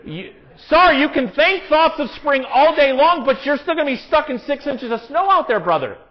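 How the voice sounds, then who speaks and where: Man, pastor, very high voice, earnest conversational sermon, dull lo-fi sound. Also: moderate pace. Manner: earnest, conversational preaching with emphatic rises.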